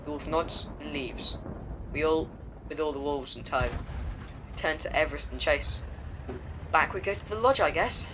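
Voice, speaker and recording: A young man reading his own homemade diary story aloud, halting often and restarting words. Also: on the high side, noisy background. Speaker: story reader and channel host.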